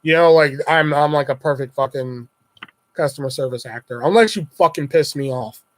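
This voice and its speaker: A young man with a fairly high voice tells his work stories in a loose, profane ramble. He slips in and out of quick voices for callers and coworkers as he goes. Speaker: pizza shop worker telling stories. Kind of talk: casual profane storytelling.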